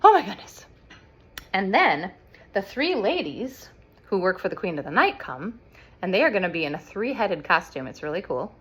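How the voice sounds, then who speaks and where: Animated woman telling a kids' story. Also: mid-range voice, normal speed, breathy edge. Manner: animated, expressive. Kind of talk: explaining an opera story to children.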